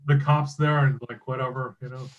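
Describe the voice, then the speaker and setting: A man's voice: mid-range voice, little pitch movement, fairly quick, lo-fi sound. Rambling man hosting a chat. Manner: rambling, many fillers and trailing phrases. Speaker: host. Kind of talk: casual chat.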